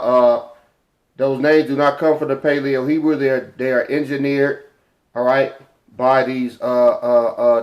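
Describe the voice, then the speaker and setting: A man teaching informally from a chart, halting often with repeated fillers and sounding out letters and syllables. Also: mid-range voice, highs cut off. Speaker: religious teacher.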